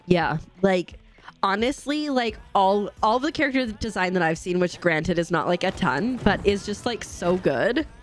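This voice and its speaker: Woman streamer, casual and giggly, mid-pitched, faint game music behind. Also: lively intonation, measured pace. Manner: chatty, giggly, talks to chat. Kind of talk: casual live-stream chat while gaming. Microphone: desk microphone.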